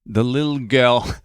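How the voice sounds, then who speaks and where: An Australian man tells a comic story into a close podcast mic with a smooth, clear voice. He takes his time, swears freely and punches every point with emphasis. The sound is dry, with no room behind it. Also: mid-range voice, no echo. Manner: animated, profane, emphatic. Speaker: podcast host, comedian. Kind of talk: casual comedic storytelling monologue.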